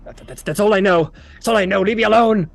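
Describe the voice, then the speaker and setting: A man's voice: fairly high pitch, moderate pace, pitched above the performer's own voice, close to an everyday voice. A man voicing a captured male cultist who stubbornly refuses to talk, then gives way and pleads. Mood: frantic. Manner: stubborn, rising to frantic pleading.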